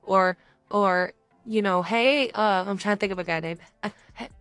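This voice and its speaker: A woman's voice: medium pitch, normal speed, no room sound, soft background music. A young woman co-hosting a podcast, chatting casually and acting out little dating scenes as she talks. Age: young adult. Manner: animated, acts out little scenes. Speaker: podcast co-host.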